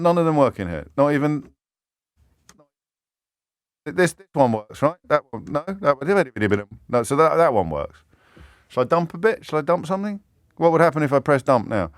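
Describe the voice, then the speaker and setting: A man's voice: a little high, sing-song, moderate pace, pauses often, dry recording. Male phone-in host, wry, rambling, dead-dry studio mic. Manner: playful, self-mocking, rambling. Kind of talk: casual radio chat. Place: radio studio. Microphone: studio microphone.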